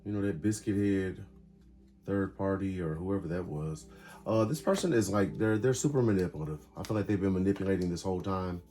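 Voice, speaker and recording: A man's voice: low-pitched, fairly quick, warm tone, faint music behind. A man giving a casual tarot reading, calling out cards in short emphatic bursts. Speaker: tarot reader.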